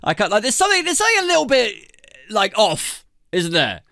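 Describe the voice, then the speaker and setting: A British podcast co-host rants sarcastically on a comedy show, swearing and laughing often. His voice is bright and forceful, with wildly swooping pitch, vocal fry and a fairly quick pace, recorded with no echo.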